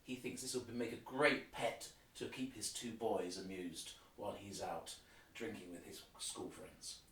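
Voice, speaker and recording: A man's voice: fairly low pitch, fairly even intonation, unhurried, fairly bright tone, far from the mic. Man guiding listeners through an opera. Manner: explanatory, sings or hums short motifs to illustrate. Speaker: opera guide. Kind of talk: guided listening tour with piano examples. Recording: roomy, off-mic, with piano.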